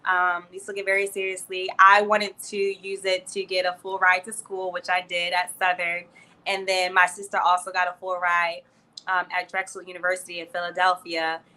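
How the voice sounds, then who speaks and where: A woman in her twenties from New Jersey and Florida in the United States, working in PR, appears as a friendly guest in a casual interview. Her voice is lowish and sharp, with a completely flat delivery at a moderate pace. She's chatty and laughs easily.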